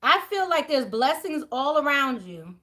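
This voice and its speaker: A woman talks her viewers through a spiritual tarot reading. Her voice sits high and bright, and it swoops up and down as she preaches at them and breaks into exclamations. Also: unhurried. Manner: animated, preachy, speaks straight to viewers; frequent laughter and exclamations. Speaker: tarot reader.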